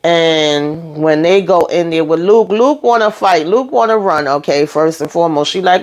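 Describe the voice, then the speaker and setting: Woman, TV recap vlogger, casual, sassy, blunt, expressive. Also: fairly low pitch, normal speed, hardly any pauses. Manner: sassy, blunt and expressive, with frequent asides to viewers.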